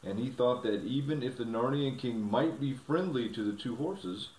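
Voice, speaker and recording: A man reads a storybook aloud in an even, measured voice at a middle pitch. He sits a little way from the mic, and a roomy echo hangs around each line. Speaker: audiobook reader. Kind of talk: storybook narration. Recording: roomy, from a distance.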